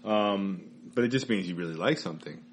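A man's voice: deep voice, fairly quick, slight background noise. A man hosting a podcast, chatting casually in a playful, teasing way. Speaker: podcast host. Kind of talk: casual chat.

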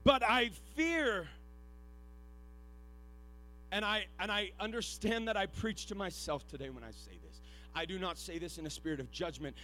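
A man preaching a sermon. He is earnest and self-deprecating, and he swings from hushed, halting storytelling to loud, shouted exhortation. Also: on the high side.

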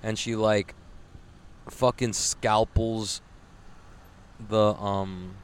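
A man's voice: on the low side, little pitch movement, extremely slow. A swearing young guy doing a podcast while stuck in traffic, rambly and jokey, road noise from the car in the background. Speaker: podcast host. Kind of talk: casual solo podcast while driving. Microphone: large podcast microphone with headphones.

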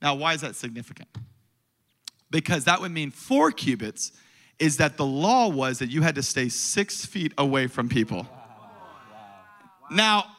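Animated preaching man, bright high voice. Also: measured pace, long pauses. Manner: animated preaching, swinging between loud declarations and low intimate asides. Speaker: pastor. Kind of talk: sermon.

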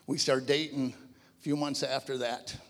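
A man's voice: medium pitch, normal speed, long reverb tail. Man in his fifties telling his testimony. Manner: animated, conversational storytelling. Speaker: guest speaker giving a testimony. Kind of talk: personal testimony to a church audience. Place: large church hall before a live audience.

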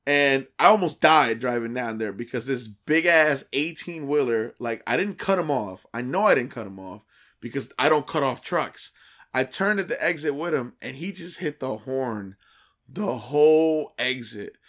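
Male podcast co-host at mid pitch, casual and animated, voices each character in his stories with plenty of slang. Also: moderate pace. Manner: animated, acts out quoted dialogue; profane, slangy street talk.

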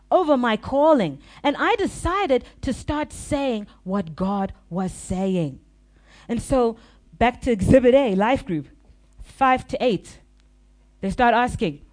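Animated woman pastor preaching. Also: fairly high pitch. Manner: animated, confessional storytelling with laughter. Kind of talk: sermon.

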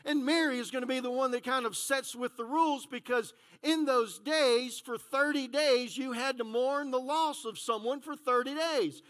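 High bright-voiced preacher. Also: male voice. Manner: conversational preaching, building to shouted fervor. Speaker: pastor. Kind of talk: sermon.

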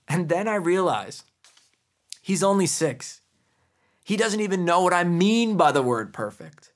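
A man's voice: high-pitched, lively intonation. Earnest man giving podcast Bible teaching. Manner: earnest, measured scripture reading and personal storytelling. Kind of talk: sermon-style podcast teaching.

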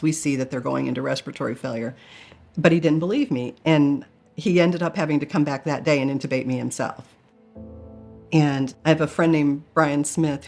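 A woman's voice: sits low, darkish tone. A middle-aged woman candidly telling a personal story in a testimony style, earnest with flashes of self-mocking humor. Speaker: guest telling a near-death experience.

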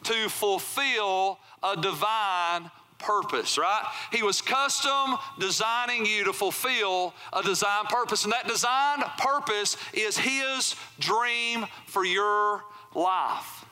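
Man, pastor, sermon, high voice, conversational, church. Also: slow, sharp tone. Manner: conversational preaching with frequent "right?" check-ins to the congregation. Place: church sanctuary.

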